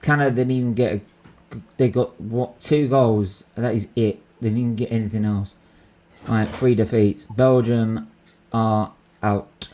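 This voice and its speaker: Speaking a little slowly in a lowish voice, this young man runs a laid-back live football watchalong. The chat is pure match reaction, full of excitement, plenty of swearing and constant "bruv"s aimed at his friend.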